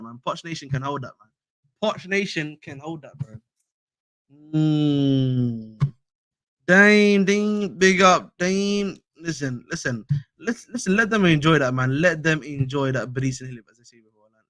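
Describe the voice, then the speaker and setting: A man's voice: fairly high pitch, a bit bright, no echo. A young man hosting a casual fan live stream, slangy and repetitive, calling viewers bro. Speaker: fan channel host.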